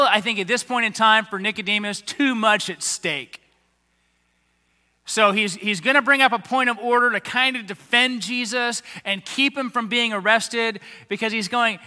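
A pastor preaching a sermon, animated and acting out the lines of people in the story he tells. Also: very high voice. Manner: animated, acts out quoted voices of the crowds and leaders. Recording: long hall reverb.

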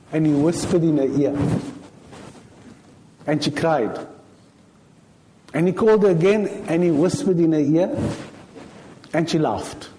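High-voiced South African man preaching. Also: darkish tone, slight background noise, rough recording. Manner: storytelling with rhetorical questions. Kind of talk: sermon. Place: mosque.

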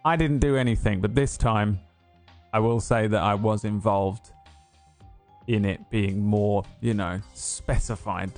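A man's voice: fairly low pitch, steady tone, measured pace, a little mellow, faint music behind. A man hosting a tabletop game stream, feeling unwell, rambling and joking with many fillers. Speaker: game master and host. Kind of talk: casual chat opening a tabletop game stream.

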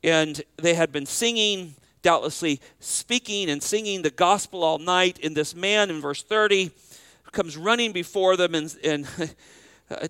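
A man preaching a sermon as pastor, slowing down to stress key phrases and repeating words as he restarts. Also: sits high, fairly bright tone, smooth, dry recording.

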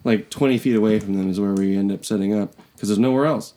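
A man's voice: on the low side, quick pace, warm tone. A young man from western Canada telling a rambling, comedic camping story on a podcast, acting out the voices of people he met. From British Columbia, Canada. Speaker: podcast co-host.

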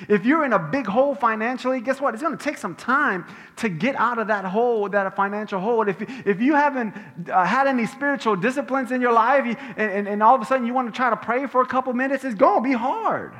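A man preaching a sermon as pastor, emphatic and conversational, going soft and slow when quoting, on a head-worn mic in a church. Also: extremely high pitch. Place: church sanctuary. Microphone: head-worn microphone. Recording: long hall reverb.

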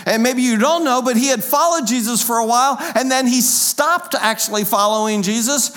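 A man's voice: very high voice, a bit bright. A pastor preaching a sermon in a church, talking conversationally and putting rhetorical questions to his congregation. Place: church sanctuary with pews.

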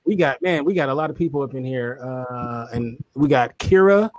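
A man's voice: medium pitch, moderate pace, no room sound. A man hosting a casual livestream chat, laid-back and slangy, laughing often. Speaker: host.

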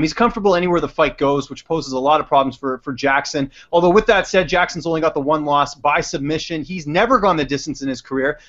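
Fast-talking decisive man. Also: on the high side, fairly bright tone. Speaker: MMA podcast co-host. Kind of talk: casual fight-picks chat. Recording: lo-fi muffled audio.

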